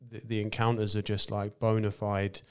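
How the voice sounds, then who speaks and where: A man's voice: lowish voice, flat delivery, normal speed, smooth. A man hosting a faith podcast, speaking thoughtfully and hesitantly. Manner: thoughtful, hesitant with fillers and repeats. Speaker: podcast host. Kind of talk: casual conversation.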